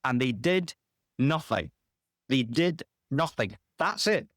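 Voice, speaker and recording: A man with a mid-pitched voice, venting on a casual football podcast. He sounds weary and exasperated. The sound is dry and close. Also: animated, takes it slowly, a bit bright, no room sound. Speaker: podcast guest.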